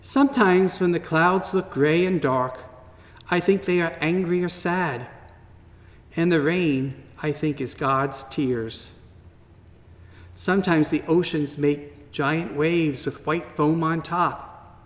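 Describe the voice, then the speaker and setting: A man slowly and gently reading a children's story aloud at church, in a wondering tone with pauses. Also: on the high side. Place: church sanctuary. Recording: long reverb from a large hall.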